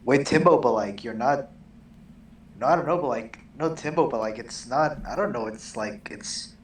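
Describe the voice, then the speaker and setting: A man's voice: medium pitch, normal speed. Hesitant man on an echoey, distant mic. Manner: hesitant, heavy with fillers, swears. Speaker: co-host. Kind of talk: casual podcast discussion. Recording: echoey distant mic with faint background noise.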